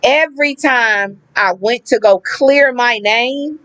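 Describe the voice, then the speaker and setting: A woman telling a personal story to the camera in a casual, animated way, acting out what others said and repeating words for emphasis. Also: a little high, slow pace, clear, resonant tone, dry recording, rough recording. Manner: animated, acts out quoted people, emphatic repetition; slangy, conversational. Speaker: vlogger.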